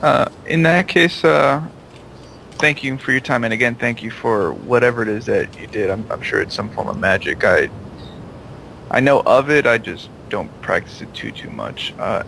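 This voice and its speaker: A man's voice: mid-range voice, expressive, normal speed, gravelly, fairly bright tone, a little hiss or hum, rough recording. A man playing his character in a tabletop game, speaking in a hesitant, polite way. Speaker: player. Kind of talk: in-character tabletop role-play.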